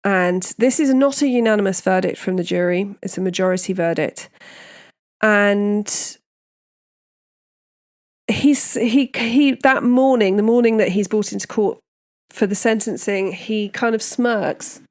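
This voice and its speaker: A woman's voice: medium pitch, unhurried. A woman hosting a true crime podcast, recapping a case in a casual, indignant, opinionated way.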